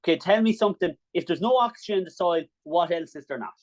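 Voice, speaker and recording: A young Irish man leads an agricultural science revision class, quick and encouraging. His voice sits a little high for a man, and he keeps checking in with the class as he goes. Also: lively intonation.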